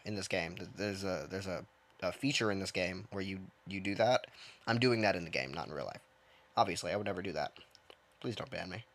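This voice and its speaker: A man giving casual, rambling commentary while he plays a game, mocking himself and thinking out loud from his own dim room. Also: deep voice. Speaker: gaming streamer.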